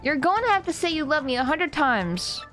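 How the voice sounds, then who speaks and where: A woman's voice: high voice, sing-song, moderate pace, fairly bright tone, faint music behind, voice pushed up. A woman voicing a clingy, lovestruck female goomba wife from a video game, pouting and guilt-tripping with a raised voice. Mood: pouty. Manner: pouty, dramatic guilt-tripping.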